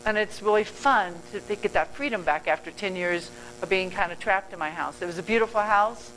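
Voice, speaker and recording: A guest speaker at a club meeting, an older woman talks a little fast in a medium-pitched, somewhat bright voice. Her motivational talk is earnest but rambling, with mid-sentence self-corrections, and the low-quality audio has a little hiss or hum.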